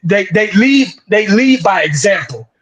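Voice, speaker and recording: High-voiced man in a profane sports rant. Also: very animated, unhurried, fairly bright tone, muffled recording, slight background noise. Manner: profane, emphatic, repeats 'man' often. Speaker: sports show host. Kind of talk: casual sports talk.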